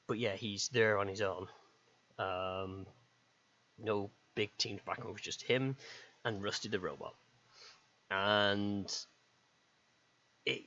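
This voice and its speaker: Male UK streamer, low voice, rambling and hesitant, lo-fi mic. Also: pushed and bright. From United Kingdom. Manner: rambling, hesitant, many ums. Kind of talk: casual rambling chat while drawing. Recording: dull lo-fi stream mic with faint hiss.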